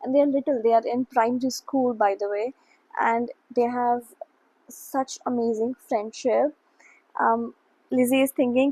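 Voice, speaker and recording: Husky gushing young woman vlogger. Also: on the high side, steady tone, a little slow, dark tone, dry recording, rough recording. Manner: gushing, chatty, rambling with fillers. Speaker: book vlogger. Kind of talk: casual chat.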